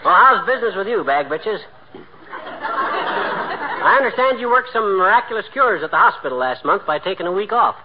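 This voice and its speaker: A brash, boastful cheapskate husband. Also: male voice, sits high, big pitch swings, moderate pace, long pauses, a crowd in the background. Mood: teasing. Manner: brash, teasing banter. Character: boastful, penny-pinching husband, quick with insults. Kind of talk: 1940s radio comedy acting. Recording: dull, hissy vintage radio broadcast.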